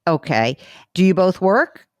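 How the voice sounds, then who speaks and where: A woman hosting a money advice show, chatting briskly and teasing her co-host while she questions a caller. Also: fairly low pitch, sing-song, no echo, muffled recording. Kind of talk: casual radio call-in chat.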